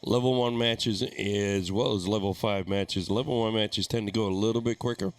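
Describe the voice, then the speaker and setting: A man's voice: on the low side, moderate pace. A man giving easygoing, chatty live play-by-play commentary at a darts tournament. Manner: easygoing, chatty, laughs easily.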